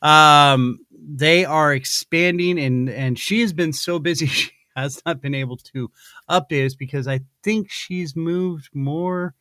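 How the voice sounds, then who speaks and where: A man's voice: on the high side, a little slow, pushed and bright, dry recording. A male podcast host reading a sponsor spot in casual chat, rambling and playful with many restarts. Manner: rambling, self-interrupting, playful.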